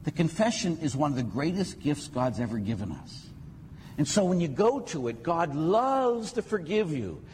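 Lively joking priest in a reverberant hall. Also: male voice, a little high, normal speed, a little hiss or hum. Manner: lively, joking storyteller with acted asides. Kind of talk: sermon talk. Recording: long hall reverb, faint ambience.

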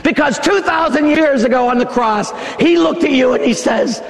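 A male preacher giving a fiery sermon in a church, shouting emphatic lines with dramatic pauses. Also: extremely high pitch, gravelly, some chatter behind. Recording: long hall reverb.

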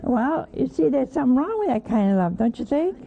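A woman's voice: sits high, very animated, brisk, vocal fry. A woman giving a conversational sermon who keeps asking her listeners questions and teases them with dry humor. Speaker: religious teacher. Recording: narrow phone-like sound.

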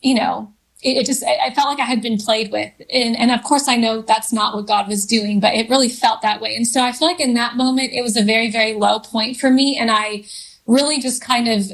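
A woman guest recounts her personal story in a rambling, hesitant way, full of fillers and restarts. She speaks openly and with feeling. Her voice sits somewhat high for a woman. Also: steady tone, brisk, low-quality recording. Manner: openly emotional, candid.

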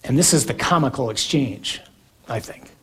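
A man preaching a sermon in an earnest, emphatic way, with slow, deliberate pauses between phrases. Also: medium pitch, fairly bright tone, breathy edge.

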